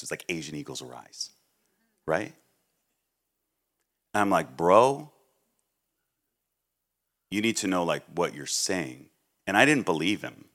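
A middle-aged man from Massachusetts, a guest preacher telling stories in a sermon, swinging between loud outbursts and quiet asides. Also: rumbling low. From Massachusetts, USA. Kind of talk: sermon with storytelling.

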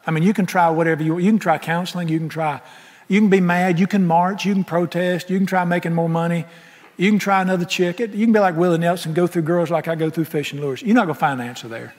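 A middle-aged pastor, preaching a folksy, impassioned sermon that swings from loud to soft. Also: male voice, sits high, steady tone, quick pace. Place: large church sanctuary. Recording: echoey sanctuary with long reverb.

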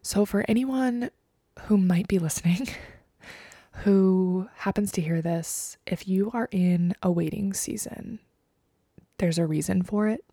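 A woman in her thirties hosting her own podcast, speaking earnestly and emotionally, often soft and breathy. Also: medium pitch, slow, no echo, studio quality. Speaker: podcast host. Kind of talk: personal podcast monologue.

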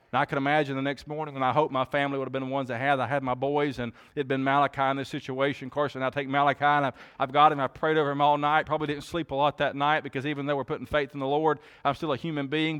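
Fast, bright-voiced man preaching. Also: mid-range voice. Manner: impassioned, builds to shouting climaxes then drops quiet; Southern preacher cadence, addresses congregation members by name. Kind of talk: sermon.

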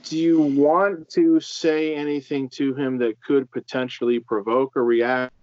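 A man's voice: medium pitch, level tone, a little slow, a little mellow, no room sound. A man co-hosting a casual podcast about films, rambling with many fillers and restarts. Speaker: podcast co-host. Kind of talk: casual film discussion. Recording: slightly dull lo-fi audio.

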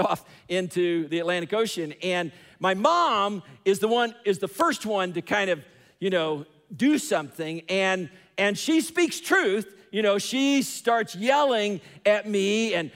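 A man's voice: high voice, fairly bright tone. A man preaching a sermon, telling a story with emphatic repetition, in a large church hall. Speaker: pastor. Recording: long hall reverb.

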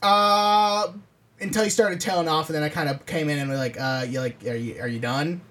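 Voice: medium pitch, steady tone, a little fast, a bit bright. A podcast co-host in casual chat, ranting comically and swearing constantly over a home setup.

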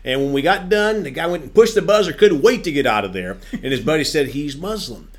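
A man hosting a faith program who speaks earnestly about boldness in ministry. He answers his guest with quiet affirmations and closes by inviting prayer. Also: fairly high pitch, sing-song, fast talker. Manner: earnest, affirming with amens and praise. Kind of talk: faith talk show conversation.

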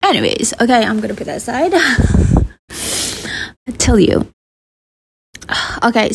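Chatty Malaysian woman, husky voice. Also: fairly high pitch, a little mellow. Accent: Malaysian English. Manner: chatty, mixes Malay into English, sighs and restarts. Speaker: vlogger. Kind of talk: casual advice talk.

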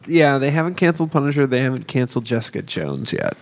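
A man's voice: mid-range voice, lively intonation, fast talker, vocal fry, in a large hall. A man co-hosting a casual podcast chat, rambling and correcting himself as he goes. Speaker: podcast co-host.

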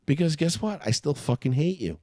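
A man co-hosting a casual sports podcast, talking in an animated, profane, heated, ribbing way. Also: a little high, fairly quick, no room sound, clean studio sound. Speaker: podcast co-host.

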